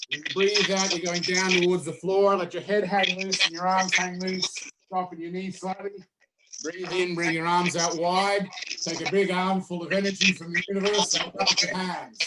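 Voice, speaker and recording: A man leading a drama workshop, talking participants through a physical and vocal warm-up with steady, repetitive cues and playful asides. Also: sits high, heavy background noise. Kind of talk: guided warm-up instructions.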